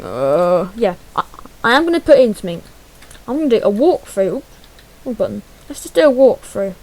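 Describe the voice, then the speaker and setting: A woman's voice: on the high side, big pitch swings, moderate pace, long pauses, a little mellow, low-quality recording. A woman giving chatty, self-deprecating gameplay commentary, muttering to herself as she fumbles through menus. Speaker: gaming channel host.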